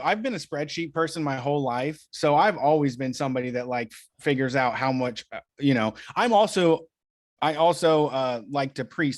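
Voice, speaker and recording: A man's voice: fairly high pitch, no room sound, clean studio sound. A man co-hosting a casual podcast, talking in profane, heated rants and slipping into mock voices. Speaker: co-host.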